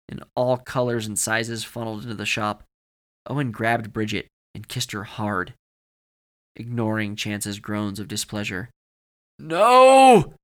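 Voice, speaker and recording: A man reading a horror story aloud with a somewhat low voice. His delivery is dramatic and shifts with the action. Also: fairly bright tone. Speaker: podcast narrator.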